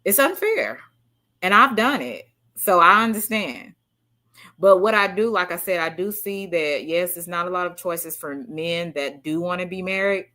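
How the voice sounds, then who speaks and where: A woman hosting a livestream, chatting casually and reading out viewer comments in an animated, slangy way. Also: fairly low pitch, moderate pace. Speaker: livestream host.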